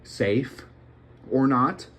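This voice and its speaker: A man's voice: medium pitch, lively intonation, drawn-out words, fairly bright tone, a little hiss or hum. A young man rambling and joking while he plays a puzzle game late at night, often poking fun at himself. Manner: joking, self-deprecating, rambling. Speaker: gameplay streamer.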